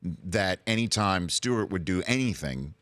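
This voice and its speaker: A man's voice: low voice, lively intonation, a little slow, a bit bright, dry recording. A man hosting a talk show, interviewing guests with joking asides. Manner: jokey, leading questions.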